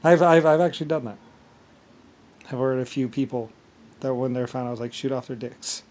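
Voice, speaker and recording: Talking to himself in a meandering way, a male vlogger speaks in a medium-pitched voice with a somewhat dark tone. He trips over his words, says things twice, hesitates, and drifts off mid-thought.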